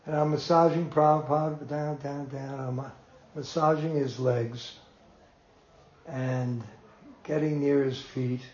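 A man's voice: mid-range voice, slow pace. Older man telling a heartfelt memory. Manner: animated and emotional, laughs between lines. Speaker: storyteller recalling his teacher. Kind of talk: reminiscing storytelling. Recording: roomy, muffled room sound.

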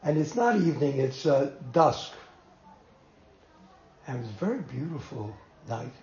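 A man's voice: mid-range voice, measured pace. Older man telling a heartfelt memory. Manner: animated and emotional, laughs between lines. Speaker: storyteller recalling his teacher. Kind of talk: reminiscing storytelling. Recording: roomy, muffled room sound.

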